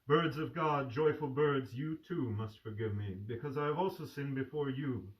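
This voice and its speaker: A man's voice: mid-range voice, normal speed, dull audio, pitched above the performer's own voice, natural voice. A man reading aloud and voicing a tender, fervent young man who is dying, speaking in a pleading way. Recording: distant mic.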